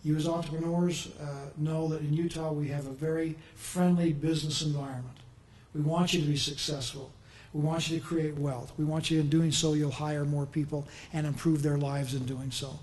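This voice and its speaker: A man's voice: a little high, flat delivery, normal speed, few pauses, a little mellow. Guy giving a governor's speech, upbeat and earnest, bit of room echo. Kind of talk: formal public speech. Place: press conference room. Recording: echoey room, faint noise.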